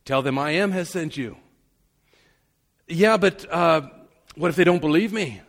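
A preacher acting out Moses as a nervous, stammering man, his voice pitched up high and set in a hall with a long reverb. He hedges and piles up excuses. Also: unhurried, creaky. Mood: fretful. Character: timid, excuse-making Moses, grown man.

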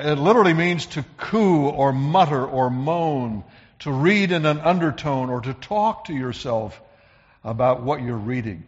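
A man's voice: fairly high pitch, big-room sound, highs cut off. A man preaching a sermon in an earnest, emphatic way, often repeating words as he builds a point. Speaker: pastor.

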